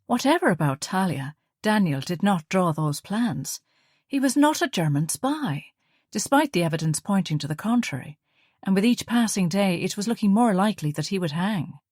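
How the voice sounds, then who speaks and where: With a medium-pitched voice, this audiobook narrator tells her scripted story steadily and deliberately. The recording is dry and of studio quality.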